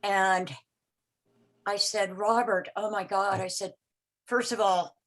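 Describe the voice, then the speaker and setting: A woman in her sixties on a video call, telling a personal story in a rambling, halting way, full of restarts and repeated words, and acting out the voices of the people in it. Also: medium pitch, steady tone, rough recording. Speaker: meeting participant sharing a story.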